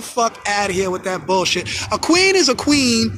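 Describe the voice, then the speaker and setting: A man talking in a casual monologue, animated, full of street slang, often acting out other people's voices. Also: high-pitched, normal speed, hardly any pauses. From New York. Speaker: host. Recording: music in background.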